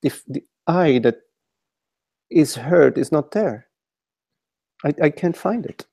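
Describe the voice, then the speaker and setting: A man's voice: a little high, expressive, takes it slowly, creaky, mellow, no room sound. A man leading a contemplative dialogue over an online call, searching for words and often repeating and restarting his phrases. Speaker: spiritual teacher.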